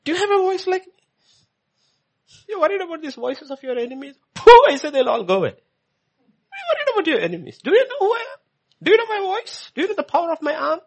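A man voicing God, mighty and scolding, who fires off booming rhetorical questions. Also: big pitch swings, fast, pauses often, heavily acted. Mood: challenging.

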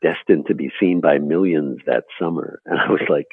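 A man's voice: extremely low pitch, moderate pace, breathy edge, dry recording, narrow, tinny audio. A man guest telling anecdotes about his acting work in an interview, laughing often and poking fun at himself. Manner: laughing, storytelling, self-deprecating. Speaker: actor guest.

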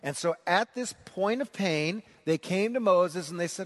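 A male pastor preaching a sermon in an animated manner, building to emphatic points. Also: high-pitched, unhurried. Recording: long hall reverb.

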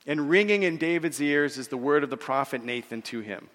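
Guy preaching a sermon, kinda high voice, earnest, repeats himself, hall reverb. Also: expressive, fairly bright tone. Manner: earnest preaching, repeats words, slows for scripture quotes. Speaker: pastor.

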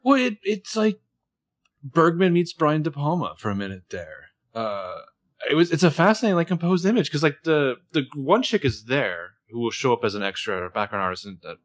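A man's voice: fairly high pitch, sing-song, fairly quick. A man co-hosting a podcast who talks thoughtfully about camera shots and scenes in a casual chat. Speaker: podcast co-host.

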